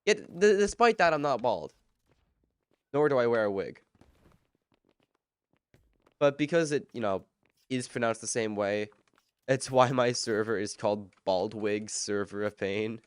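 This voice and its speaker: A man on a live game stream, talking casually and rambling as he answers chat between moves. His voice is smooth and clean, close to a desk mic with almost no room sound. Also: lowish voice, a little slow, long pauses, dry recording.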